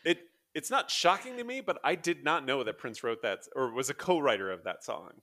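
A man co-hosting a podcast in casual chat, relaxed and hesitant, with many fillers. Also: medium pitch, a little fast. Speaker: podcast co-host.

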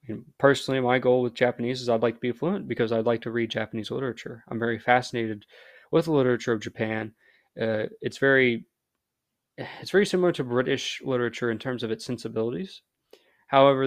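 A man's voice: mid-range voice, no room sound. Rambling American man, dry close sound. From United States. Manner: rambling, filler-heavy, self-deprecating. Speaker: podcast host. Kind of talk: casual podcast monologue.

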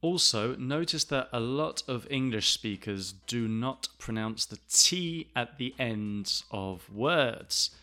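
A male English teacher explaining pronunciation, slow and deliberate, repeating phrases to demonstrate them. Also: mid-range voice, expressive, sharp tone. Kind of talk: language lesson explanation.

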